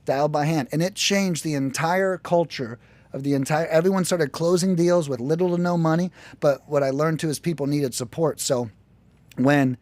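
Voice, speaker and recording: American guy telling stories on a podcast, kinda high voice, swears a lot, dry close sound. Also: normal speed, dry recording. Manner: animated, profane, jumps into quoted voices. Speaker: podcast guest, lead generation business owner. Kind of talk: casual storytelling interview.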